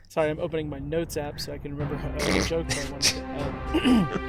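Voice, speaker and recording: A man co-hosting a casual movie review podcast, animated and joking. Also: on the high side, unhurried, gravelly, pauses often, over music. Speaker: podcast co-host.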